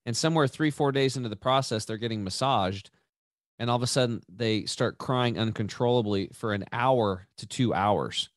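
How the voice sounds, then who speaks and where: A podcast host tells a personal story casually, rambling and animated, restarting and repeating himself with asides like "right" and "dude." His voice is medium-pitched at a moderate pace. The recording is dry, with clean studio sound.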